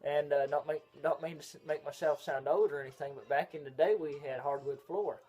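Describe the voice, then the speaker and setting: Husky-voiced young man. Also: on the high side, steady tone, a little fast. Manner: rambling, drawling, with loud bursts of laughter. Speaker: vlog co-host. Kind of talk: casual storytelling chat.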